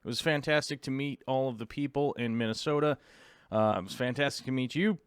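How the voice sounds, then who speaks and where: A man's voice: mid-range voice, fairly quick, clean tone, no room sound, clean studio sound. A tired, jet-lagged man hosting a casual live stream from home, rambling and restarting his sentences as he greets viewers. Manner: rambling, restarts often, chats with viewers and dog.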